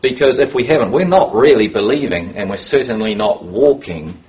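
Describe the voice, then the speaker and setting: A man delivers a sermon at a medium pitch, reading scripture passages aloud. He lingers on key words and lifts his voice for emphasis. His pacing is deliberate and teaching in tone. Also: lively intonation, a little mellow, poor audio. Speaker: preacher.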